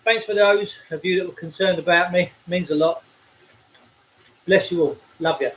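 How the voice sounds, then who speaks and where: A man's voice: sits high, normal speed, a bit bright, low-quality recording. An out-of-breath Englishman, delivering a blunt, preachy livestream rant while cycling outdoors, speaking into a phone.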